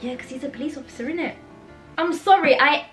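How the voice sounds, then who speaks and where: A young woman talks in a casual reading vlog, and her voice sits high. She is animated and outspoken and swears freely as she reacts. Soft music plays faintly underneath. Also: fast. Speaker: book vlogger. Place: home, indoors.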